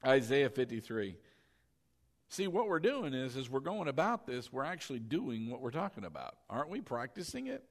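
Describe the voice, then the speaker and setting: A man preaching a sermon as pastor, animated and coaxing his congregation to repeat lines after him. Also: mid-range voice, normal speed.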